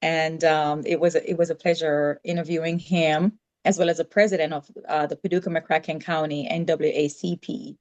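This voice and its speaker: Lively Jamaican woman, lowish voice. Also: normal speed, few pauses, lo-fi sound. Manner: lively storytelling, acts out quoted dialogue. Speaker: podcast guest. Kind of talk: casual interview chat.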